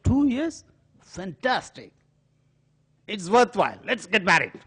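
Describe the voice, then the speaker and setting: A man's voice: medium pitch, very animated, a little slow, darkish tone. A man voicing a worldly, teasing widowed aunt in her thirties, exclaiming as he acts out a story. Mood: delighted.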